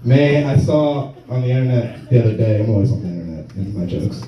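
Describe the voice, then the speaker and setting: Male stand-up comic, animated delivery, recorded from a distance with heavy echo. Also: mid-range voice, a little fast, faint music behind. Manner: loose, laughing, slips into mock voices. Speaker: stand-up comedian. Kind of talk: stand-up set with crowd work. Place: small comedy venue with audience. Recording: far-off echoey room, dull lo-fi sound.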